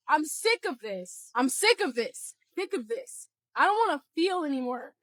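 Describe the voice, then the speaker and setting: A woman's voice: high voice, dry recording. A woman pouring out anger and hopelessness in an emotional confessional rant, her voice breaking into tears. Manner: venting raw anger and despair, shouting then crying.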